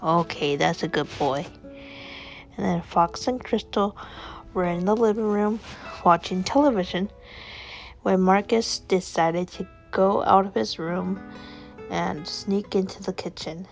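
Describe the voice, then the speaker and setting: A woman telling a children's bedtime-style story in an unhurried, simple way, her voice carrying a gravelly crackle. Faint music sits underneath. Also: mid-range voice, steady tone. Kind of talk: improvised children's story narration.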